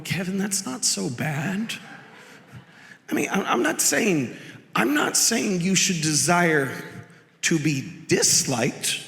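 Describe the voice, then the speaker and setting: Pastor, male, lively jokey preacher, bright tone, echoey church hall. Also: high voice, creaky. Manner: animated, jokey, acts out quotes. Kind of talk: sermon. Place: church sanctuary.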